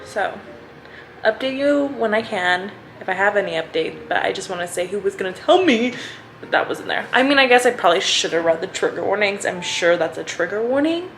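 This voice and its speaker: A young woman vlogging about her reading in an easygoing, unscripted way. She gushes and rambles, stringing thoughts together with constant fillers. Her voice sits at an everyday middle pitch. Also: expressive, brisk, a bit bright, slight background noise, poor audio. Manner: gushing, rambling, many "like" fillers. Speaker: book vlogger. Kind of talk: casual reading vlog chat.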